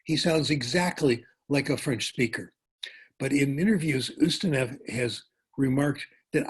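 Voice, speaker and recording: An older man speaks as a keynote lecturer, drifting into a personal anecdote in an easy, conversational way. His voice is husky and a little breathy. He sits in the middle range for pitch. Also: a little slow. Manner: relaxed, anecdotal, with small restarts. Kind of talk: storytelling lecture.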